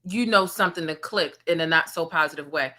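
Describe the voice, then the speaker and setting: A woman hosting a casual gossip commentary, talking straight to her viewers in a sassy, animated way. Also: low-pitched, brisk. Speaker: commentary channel host.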